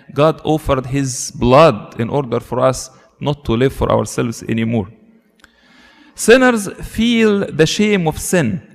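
Man, earnest sermon, long echo of a hall, pitch jumps up for emphasis. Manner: earnest, rises in pitch for emphasis, asks rhetorical questions. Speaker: preacher.

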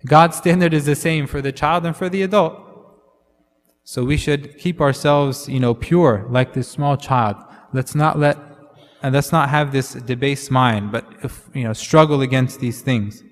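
A man's voice: mid-range voice, a little slow, soft background music. Man, preacher, conversational sermon, Arabic fillers, long hall echo.

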